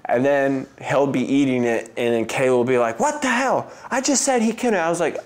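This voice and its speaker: A man in his thirties, an interview guest, telling personal stories in a rambling, casual way full of "like" and "um". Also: medium pitch. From United States. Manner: rambling, heavy use of "like" and "um", laughs often, mimics voices in quotes. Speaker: interview guest, Olympic swimmer.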